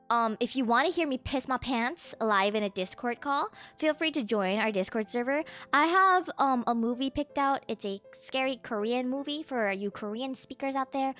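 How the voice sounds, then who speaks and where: A woman streamer chatting casually and excitably with her viewers, swearing freely as she greets them. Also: a little high.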